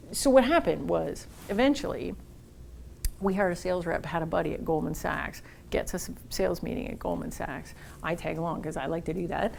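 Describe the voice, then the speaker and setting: A woman giving a marketing workshop talk, telling a lively, blunt story and acting out the dialogue. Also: on the low side, vocal fry, a little hiss or hum. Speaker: workshop speaker.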